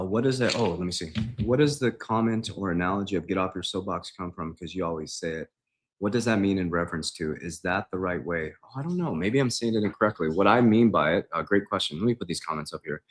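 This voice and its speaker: A man with a deep, low voice hosts a relaxed livestream from his kitchen. He talks loosely and conversationally, often tossing in "man," and reads viewer questions aloud before answering them off the cuff. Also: brisk, husky. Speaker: investing coach. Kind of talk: casual livestream Q&A. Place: home kitchen.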